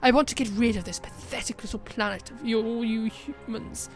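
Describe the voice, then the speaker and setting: A woman's voice: on the high side, lively intonation, normal speed, fairly bright tone, faint music behind. A woman reading the part of a boastful, sneering male alien villain who plots to enslave humans, in a storybook reading. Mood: scheming.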